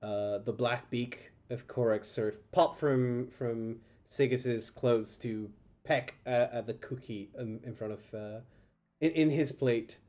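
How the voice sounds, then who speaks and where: A man narrating as game master, pausing often with ums and restarting sentences. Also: mid-range voice, a little mellow. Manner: hesitant, many ums and restarts. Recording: dull lo-fi stream audio with faint music.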